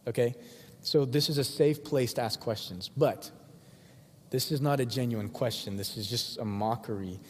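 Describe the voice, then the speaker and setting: A man preaches in a loose, chatty way, as if talking with friends, and now and then slips into the voices of the crowd. His voice sits at an ordinary middle pitch. A long reverb trails after each phrase, as in a large church. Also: normal speed. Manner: casual and conversational, acts out voices of the crowd. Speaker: pastor. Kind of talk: sermon. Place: church sanctuary.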